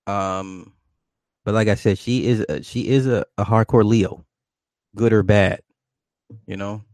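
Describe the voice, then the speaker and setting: Guy with a lowish voice riffing with chat on a stream, cussing a lot, dry close sound. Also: a little slow, no room sound. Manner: loose, profane, rambling, answers chat questions aloud; animated, jumps up in pitch when greeting viewers. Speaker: livestream host reading chat. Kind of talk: casual livestream chat.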